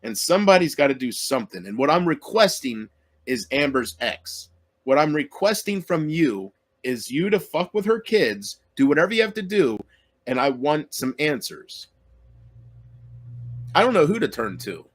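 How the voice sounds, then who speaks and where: A man's voice: on the high side, very animated, normal speed, husky. Upset man ranting to his viewers. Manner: upset, pleading, profane, repeats himself. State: close to tears. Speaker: vlogger. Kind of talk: emotional rant to viewers.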